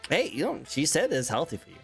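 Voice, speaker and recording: Male host, casual and encouraging, animated intonation, faint music bed. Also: fairly high pitch, fast, vocal fry, slightly rough. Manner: easygoing, laughing, encouraging. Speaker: interview host. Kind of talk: casual interview chat.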